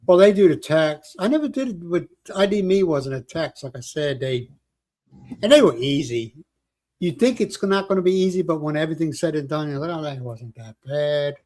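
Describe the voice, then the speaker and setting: A man's voice: a little high, animated, a little fast, darkish tone. An older man hosting a casual livestream chat, telling rambling stories and joking with viewers. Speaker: livestream host.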